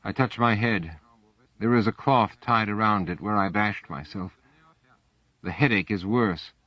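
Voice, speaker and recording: A man narrating an audiobook in the first person with measured, even storytelling. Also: on the low side, no room sound. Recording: dull, dry audiobook recording.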